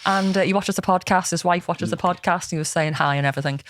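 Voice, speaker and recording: A woman's voice: on the low side, fast talker, slight background noise. A woman with a Liverpool accent hosting a podcast in casual chat, talkative, swearing freely and laughing often. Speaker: podcast host.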